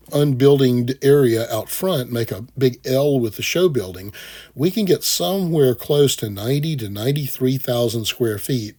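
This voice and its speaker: A man's voice: medium pitch, a little mellow. Blunt, sarcastic man ranting. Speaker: theme park commentator. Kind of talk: opinionated video essay narration.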